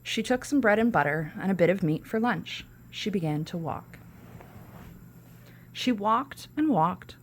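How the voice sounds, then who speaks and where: A woman's voice: mid-range voice, animated, unhurried. A woman podcast host reading a children's storybook aloud, with casual asides between the narration.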